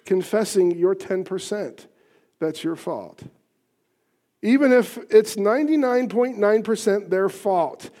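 A man with a fairly high voice preaches a sermon from the pulpit. He pushes his points hard, then drops to near a whisper for the tender lines, and leads the congregation in repeating phrases back to him. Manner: swings between loud emphatic points and soft hushed asides; leads congregation in call-and-response repetition. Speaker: pastor.

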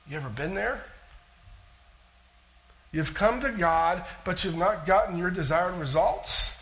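A male pastor preaches in a notably high voice. His delivery is animated and conversational, and he keeps putting questions to his listeners. It sounds like a sermon to a congregation. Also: a little slow, pauses often, low-quality recording.

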